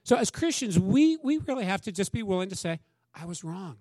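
Male pastor, higher register, conversational preaching style, dry sound. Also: sing-song, brisk, a little mellow, no echo. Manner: conversational preaching, acts out quoted dialogue. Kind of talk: sermon.

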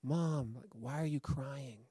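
A man voicing a sick young boy, soft and earnest, as he retells a story in a sermon. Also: a little high, animated, moderate pace, no room sound, natural voice. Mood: earnest, weak.

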